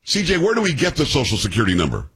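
A man's voice: medium pitch, wildly swooping pitch, racing, a bit bright, husky. A man in his sixties hosting a political talk radio show, blunt and sarcastic, quizzing his co-hosts and ranting at the news.

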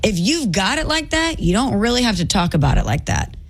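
A woman's voice: mid-range voice, big pitch swings, a little fast. A woman co-hosting a sports talk radio show, delivering pointed, opinionated commentary.

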